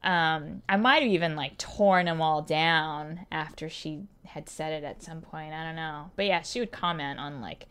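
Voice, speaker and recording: A woman co-hosting a podcast, telling stories in a casual chat with lively mimicry of others. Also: low-pitched, normal speed, hardly any pauses, clean tone. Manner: animated storyteller, mimics others with sudden loud outbursts. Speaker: podcast co-host.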